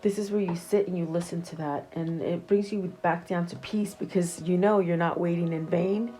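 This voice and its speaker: A woman reads tarot cards aloud for her viewers in a relaxed, wandering way, often stopping to restart a thought. Her voice sits fairly low and sounds mellow and warm rather than bright. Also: moderate pace, faint music behind, rough recording. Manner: soft, meandering, many fillers and restarts. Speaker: tarot reader. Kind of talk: casual tarot reading to camera.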